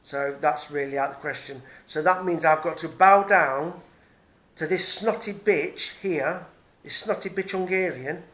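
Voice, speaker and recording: A middle-aged British vlogger rants angrily in a personal video, swearing and repeating himself as he goes. His voice is fairly high and a bit bright.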